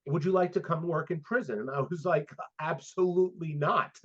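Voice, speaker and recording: A man's voice: on the high side, normal speed. A man in his fifties, a sport psychologist guest, telling stories in a casual interview and acting out the dialogue. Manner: animated storyteller, acts out quoted dialogue. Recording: dull lo-fi audio.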